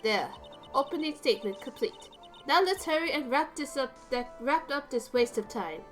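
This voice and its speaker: A woman voicing an arrogant young female prosecutor who talks in a shrill, commanding, scornful way. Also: expressive, unhurried, fairly bright tone, faint music behind.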